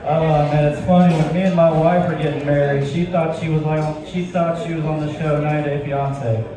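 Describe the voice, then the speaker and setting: Brisk and a little high, this Georgia man speaks with fairly even intonation as he tells conversational, self-deprecating stories in his stand-up act. He's heard from far off in an echoey club, the audience around him.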